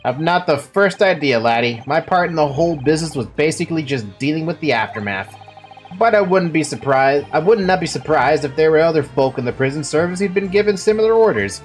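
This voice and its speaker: A player putting on a gruff Scottish governor. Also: mid-range voice, lively intonation, a little fast, faint music behind, natural voice. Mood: evasive. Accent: put-on Scottish. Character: Scottish middle-aged male prison governor, gruff and evasive. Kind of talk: reading game dialogue aloud.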